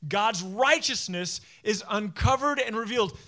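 High, bright-voiced joking pastor. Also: male voice, measured pace. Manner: conversational, joking asides; explains word meanings. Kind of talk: sermon.

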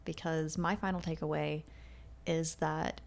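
A woman co-hosting a podcast in a casual book discussion, playful and quick to laugh. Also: sits low, level tone, gravelly. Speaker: podcast co-host.

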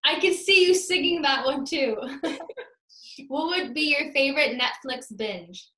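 High, bright woman interviewer. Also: measured pace. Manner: upbeat, encouraging questions. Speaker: interview host. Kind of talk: casual interview chat. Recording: echoey room.

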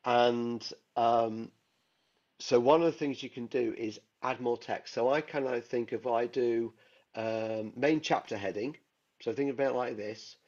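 Brief: keen, rambling guy, mid-pitched, dull lo-fi video call audio. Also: fairly even intonation, a little slow, darkish tone. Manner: enthusiastic, rambling with many fillers. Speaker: guest illustrator. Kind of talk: casual interview chat.

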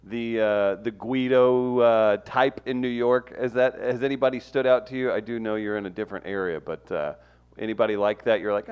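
A man co-hosting a casual chat, joking and throwing in quick impressions. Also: lowish voice, steady tone, smooth, dull audio. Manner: joking, imitates surfer drawl in asides.

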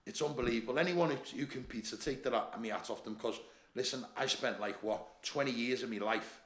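Man, Scouse accent, podcast guest, animated swearing storyteller, echoey room. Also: mid-range voice, fairly quick. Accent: Liverpool (Scouse). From Liverpool, England. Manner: animated anecdotes, heavy swearing, lots of "mate" and "lad". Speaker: podcast guest, bodybuilder and gym owner. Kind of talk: casual chat, storytelling. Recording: roomy echo.

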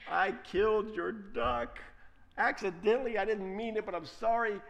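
A man voicing a remorseful young boy confessing in a sermon story, pleading slowly. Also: high voice, steady tone, creaky, fairly bright tone, long reverb tail, voice pushed up.

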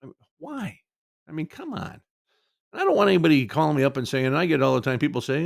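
A man hosts his sports talk show, venting with mock quotes and rising exasperation. His voice is gravelly and fried. The sound is close and dry, with no room. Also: on the high side, big pitch swings, racing, no room sound. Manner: frustrated ranting, mocking quotes.

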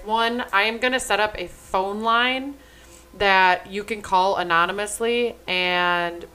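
A woman's voice: medium pitch, a bit bright, a little hiss or hum, rough recording. A young adult woman co-hosting a podcast in casual chat, talking bluntly and emphatically and swearing freely. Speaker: podcast co-host.

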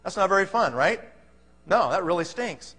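A man's voice: high-pitched, animated, moderate pace, a bit bright. A man giving an emphatic, pumped-up motivational talk to a live audience, firing off rhetorical questions. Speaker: motivational speaker. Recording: long hall reverb.

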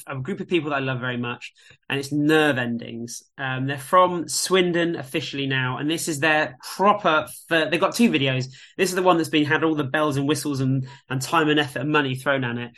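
Bright, lively man telling stories. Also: fairly high pitch. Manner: animated storyteller, lively quoted voices. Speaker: guest, music venue tech. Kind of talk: casual chat.

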